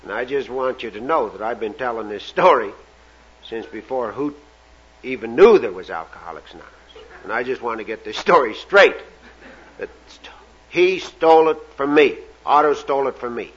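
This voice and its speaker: A man's voice: medium pitch, expressive, normal speed, breathy edge, lo-fi sound. A man from Canada, speaking at a recovery meeting in a folksy, self-deprecating storytelling way.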